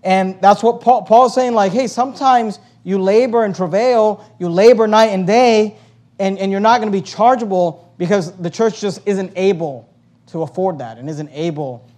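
High-pitched preacher guy in church, goes from quiet to loud, reads scripture out. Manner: preaching with rising emphasis, reading scripture aloud. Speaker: pastor. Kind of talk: sermon.

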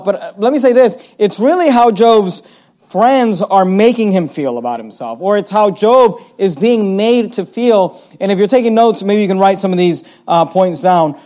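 A man preaching an evening Bible sermon, conversational, with many fillers and restarts, reading verses slowly and then putting them in everyday words. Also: high-pitched, darkish tone. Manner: reads scripture slowly and paraphrases it in everyday speech.

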